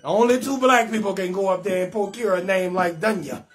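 High pitched dude roasting folks' names on a live stream, singsongy and loud, music playing in the back. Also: male voice, brisk. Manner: loud, sing-song, laughing riffs. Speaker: comedian hosting a live stream show.

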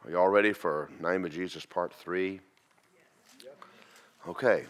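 A man teaching a church class, preaching in a folksy, animated storytelling way. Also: low-pitched, a little slow. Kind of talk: sermon.

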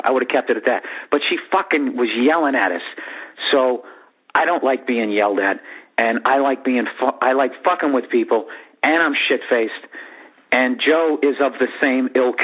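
A man in his forties hosting a podcast, telling a rambling, profane comic story in an animated way. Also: mid-range voice, fairly quick, slightly rough. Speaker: podcast host. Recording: narrow phone-like sound.

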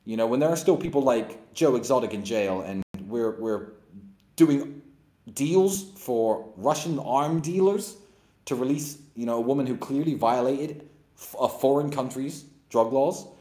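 This man, hosting a live stream, has a medium-pitched, warm voice and keeps a measured pace. His monologue is mocking and opinionated, delivered bluntly and with emphasis, in a space with a roomy echo.

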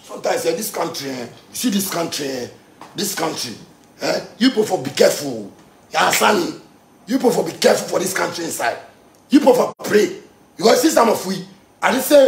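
A man with a Ghanaian accent ranting on a live stream, animated and breaking into shouts as he mixes pidgin with local words. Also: sits high, brisk, creaky, roomy sound. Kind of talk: heated live-stream rant.

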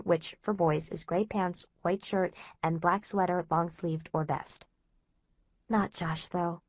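A woman's voice: lowish voice, no echo, dull audio. A woman narrating a first-person teen diary in a chatty, anxious, exasperated way. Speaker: audiobook narrator.

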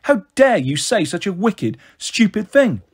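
A man's voice: high voice, big pitch swings, moderate pace, husky, heavily acted. A man doing an eager, bossy young girl. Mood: fierce. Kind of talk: audiobook character voice.

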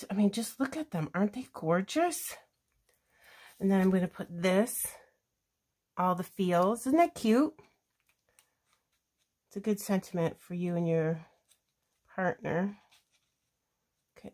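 A woman's voice: lowish voice, animated, measured pace, long pauses, a little mellow. A woman chatting casually through a scrapbooking tutorial, gushing and thinking aloud as she works. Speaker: scrapbooking crafter demonstrating a layout. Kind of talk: casual craft tutorial chat.

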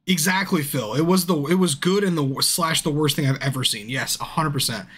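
A drunk man streaming a game, chatting casually, swearing constantly and bursting into yells at the screen. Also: on the high side, a little fast, breathy edge. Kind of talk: casual livestream commentary. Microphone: streaming mic.

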